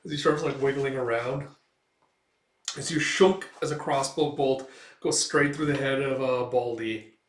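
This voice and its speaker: A man's voice: mid-range voice, steady tone, a little slow. Young man rambling through a comic. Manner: rambling, filler-heavy, chatty. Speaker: comic read-through host. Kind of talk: casual read-through commentary. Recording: roomy, distant mic.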